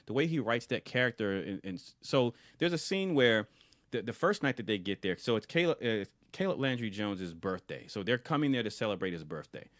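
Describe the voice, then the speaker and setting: A man, a podcast co-host, retelling a film scene in casual review chat, animated and often restarting and repeating words. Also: fairly low pitch, brisk, no echo, studio quality.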